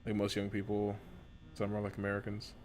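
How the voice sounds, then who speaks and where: A man's voice: lowish voice, completely flat delivery, fairly quick, darkish tone, a little hiss or hum. A man from the western United States chatting casually and profanely while streaming a game, rambling with lots of slang. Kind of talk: casual gameplay chat.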